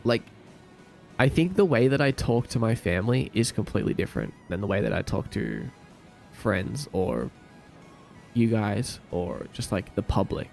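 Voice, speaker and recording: A man's voice: on the low side, big pitch swings, moderate pace, creaky, darkish tone, faint music behind. A man from Australia with an Australian accent, chatting casually on a livestream, laid-back and laughing often as he repeats words aloud. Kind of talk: casual chat reading viewer comments.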